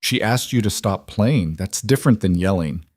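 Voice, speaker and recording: A man voicing a single father in a spoken story, gentle, patient and steady but firm. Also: low voice, normal speed, no room sound, clean studio sound.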